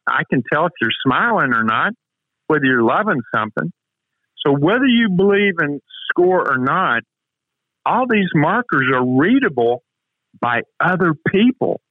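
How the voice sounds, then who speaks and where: Emphatic coach on a tinny line. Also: male voice, on the high side, no echo. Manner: emphatic, rapid-fire rhetorical questions. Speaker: performance coach guest. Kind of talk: motivational interview talk. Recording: tinny phone-like remote line.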